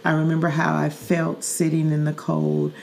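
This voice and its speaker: A woman's voice: low voice, completely flat delivery, moderate pace, vocal fry, a little mellow, slight background noise. A middle-aged woman from Saint Louis, hosting a podcast and telling a personal story in an earnest, vivid way with fillers and repeats. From Saint Louis, Missouri. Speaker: podcast host. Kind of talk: personal storytelling in casual chat.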